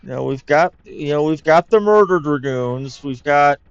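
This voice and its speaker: A man's voice: on the high side, expressive, normal speed, smooth, no echo. Wry man chatting over game play. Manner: chatty, wry, rambling asides. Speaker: let's play host. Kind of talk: casual gameplay commentary. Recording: dull lo-fi mic with game music.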